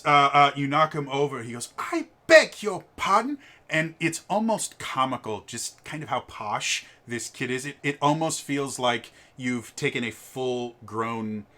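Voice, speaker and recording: A man's voice: mid-range voice, bright, forceful tone. A man narrating as game master in a tabletop game, stammering with many fillers.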